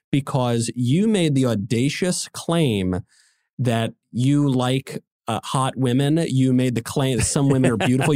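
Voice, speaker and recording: A man's voice: medium pitch, darkish tone. A man hosting a political podcast, teasing his guest in a mock-serious tone and reading out listener questions. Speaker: podcast host. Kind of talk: casual political podcast chat.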